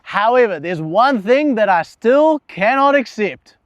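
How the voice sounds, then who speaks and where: A man's voice: sits high, animated, measured pace, dry recording, lo-fi sound. A young man talking candidly about himself in a casual, profane vlog monologue, laughing at himself now and then. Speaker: vlogger.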